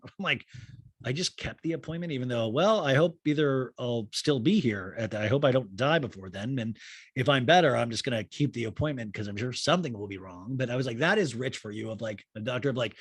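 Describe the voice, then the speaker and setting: Animated, campy male podcast host. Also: mid-range voice, brisk, no echo, clean studio sound. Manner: animated, campy impressions of the people he recaps. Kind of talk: comedic recap monologue.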